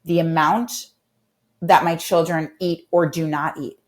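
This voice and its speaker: A woman in her thirties, a guest on a podcast, telling her story with candid, animated feeling and acting out quoted voices. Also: low-pitched, a little slow.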